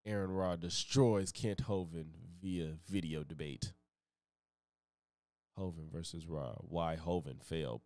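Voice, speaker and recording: A man's voice: deep voice, a little slow, a little mellow, no echo. A man hosting a live stream, chatting loosely and profanely in a rambling way. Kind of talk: casual live-stream reaction chat.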